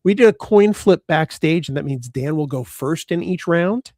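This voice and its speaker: A podcast co-host chats casually on a live fan show, greeting viewers in the chat, reading out their names and joking around. His fairly high voice is expressive, a little mellow and at a normal speed. The sound is studio quality with no echo.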